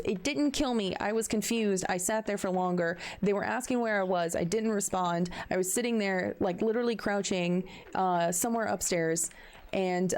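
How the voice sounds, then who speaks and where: A woman in her thirties talking candidly in casual chat, questioning herself and halting with fillers. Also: medium pitch, darkish tone. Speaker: stream co-host.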